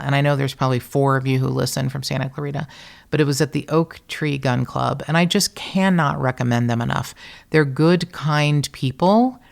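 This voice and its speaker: Gravelly-voiced woman telling a story. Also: rumbling low. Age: middle-aged. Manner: animated, profane, self-mocking storytelling. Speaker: podcast host. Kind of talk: casual storytelling monologue.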